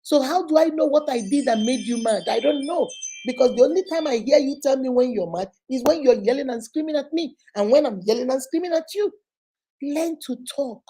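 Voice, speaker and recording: A woman's voice: high-pitched, moderate pace, warm tone, slightly rough. A Nigerian woman hosting a show, giving marriage advice in a sarcastic, preachy way and acting out quotes. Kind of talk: animated advice talk to camera.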